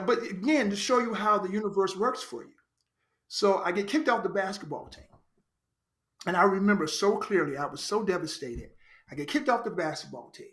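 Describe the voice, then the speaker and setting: High-voiced man telling his story. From Chicago, United States. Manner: earnest, animated storyteller who repeats phrases for emphasis. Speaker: podcast guest, actor and writer. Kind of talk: reflective personal storytelling.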